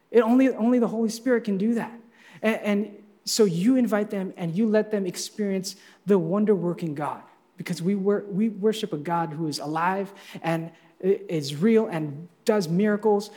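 A man preaching a sermon as pastor, energetic and playfully teasing his congregation. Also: sits high, in a large hall.

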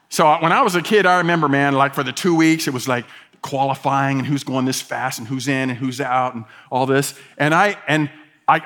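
A middle-aged man preaching a sermon as pastor, telling stories with quoted asides in an animated way. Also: fairly high pitch.

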